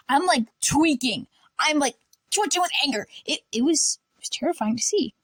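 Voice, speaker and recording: A young woman telling a personal story in a casual storytime vlog, acting out the people in it with lively voices. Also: sits high, a little fast, no echo. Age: young adult. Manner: animated, acts out classmates and teachers. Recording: dry close room, faint lamp buzz.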